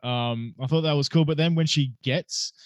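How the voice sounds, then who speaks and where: A man's voice: a little high, moderate pace, no room sound. Chatty Australian man on a podcast. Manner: chatty, swearing, laughs often. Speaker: podcast host. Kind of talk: casual chat.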